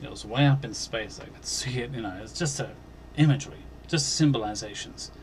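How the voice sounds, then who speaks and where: A man hosting a Christian channel, earnestly recounting a dream as personal testimony, halting and restarting, and growing emphatic on key points. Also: mid-range voice, a little hiss or hum. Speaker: Christian video channel host.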